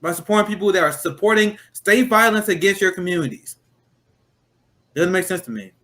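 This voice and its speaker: Midwestern male host, high voice, blunt and profane, rambling casual talk. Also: animated, brisk, bright, forceful tone. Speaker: roundtable host. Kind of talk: casual political chat.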